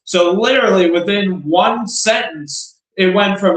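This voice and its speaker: A man's voice: high-pitched, unhurried, fairly bright tone. A man co-hosting a podcast, recounting events in a sarcastic, mocking way. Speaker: podcast co-host. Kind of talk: casual political discussion. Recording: roomy echo.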